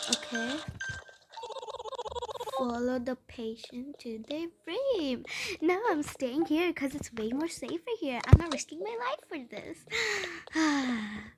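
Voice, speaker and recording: A high-pitched young woman talks slowly through a spooky game, jumping and squealing whenever something startles her. Her voice sits over a steady hiss of noise and mouse clicks from a home setup. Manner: jumpy, panicky, squealing at scares. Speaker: gamer playing a horror game. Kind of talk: live gameplay commentary. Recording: noisy home recording.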